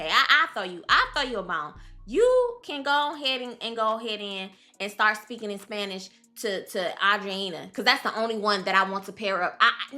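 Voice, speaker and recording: Bright-voiced sassy woman vlogger. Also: a little high. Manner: sassy, animated, keeps addressing the viewer as "girl". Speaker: reality TV recap vlogger. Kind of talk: casual recap commentary.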